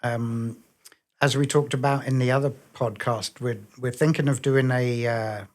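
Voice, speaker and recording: A man's voice: medium pitch, fairly even intonation, a little slow. A man speaking as a podcast guest, plain and reassuring, with many ums. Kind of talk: casual podcast conversation.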